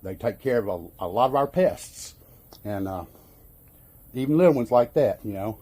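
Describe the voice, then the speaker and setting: A man's voice: lowish voice, lively intonation, moderate pace, warm tone, slightly rough. A middle-aged man from Arkansas with a Southern drawl, rambling in a folksy, self-amused way as he vlogs a DIY job. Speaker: vlogger. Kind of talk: casual DIY vlog talk.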